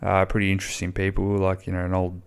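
Speaking quickly in a low, smooth monotone, this podcast host talks solo in a blunt, casual way, wandering off topic and cursing without restraint.

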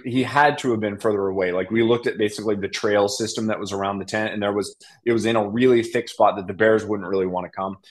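A young man telling a hunting story in a casual podcast chat, animated and laughing, acting out what others said. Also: fairly low pitch. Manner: animated, laughing, acts out quotes. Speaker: podcast guest.

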